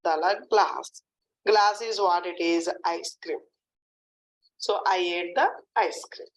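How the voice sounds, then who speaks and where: A woman leads a French lesson, repeating verb forms one at a time. She talks unhurriedly, with a slightly low voice. She checks in often with a soft "hmm, d'accord". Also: a little hiss or hum, poor audio. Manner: slow, repetitive drilling with frequent "hmm, d'accord". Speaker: French teacher. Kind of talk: online language lesson.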